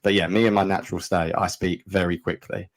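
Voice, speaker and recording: A man in his thirties with a London English accent, co-hosting a podcast and telling stories in a fast, animated way. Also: sits low. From England. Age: 30s. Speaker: podcast co-host. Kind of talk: casual chat.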